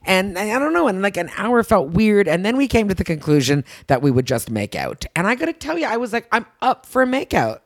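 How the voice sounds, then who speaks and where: A woman co-host telling stories in a loose, animated way, her pitch leaping up and down as she goes. She laughs and swears freely, and the sound is close and dry with no room around it. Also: a little fast, few pauses, no echo. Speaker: podcast co-host. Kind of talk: casual chat.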